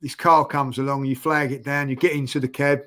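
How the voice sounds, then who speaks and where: An older man tells stories in a loose, rambling way. He circles back, repeats himself and leans on fillers as he goes. His voice sits at an ordinary middle pitch. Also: flat delivery, fairly quick, sharp tone. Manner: rambling, many fillers and restarts. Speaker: podcast guest. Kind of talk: casual storytelling chat.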